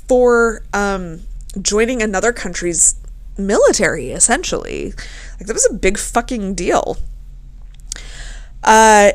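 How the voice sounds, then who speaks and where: Profane, animated woman telling a story. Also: fairly high pitch. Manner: profane, animated, laughing often. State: tipsy. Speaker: podcast host. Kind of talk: casual storytelling podcast.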